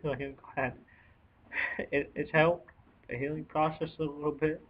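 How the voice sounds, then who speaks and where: A young man telling a personal story on a home video, choked up and near tears, talking in halting bursts with sighs and restarts. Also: fairly high pitch, little pitch movement. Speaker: vlogger. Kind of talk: emotional personal account. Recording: dull lo-fi home video audio.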